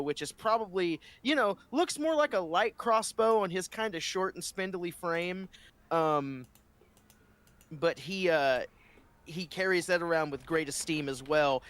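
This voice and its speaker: A man's voice: fairly high pitch, fairly bright tone, smooth. A man player describing his tabletop character in casual chat, rambling with many fillers and restarts.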